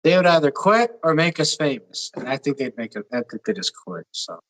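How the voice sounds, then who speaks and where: A man's voice: a little high, big pitch swings, a little fast, fairly bright tone, no echo, low-quality recording. A man hosting a casual talk show, joking around and reading viewer comments aloud, laughing often. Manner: jokey, laughs often, crude asides. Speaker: show host.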